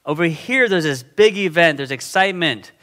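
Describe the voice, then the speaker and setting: A middle-aged man delivers a sermon with a somewhat high, bright and forceful voice. He keeps it conversational and animated, stopping to check in with the congregation. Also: moderate pace. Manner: conversational, animated, frequent "okay?" and "right?" check-ins. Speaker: pastor.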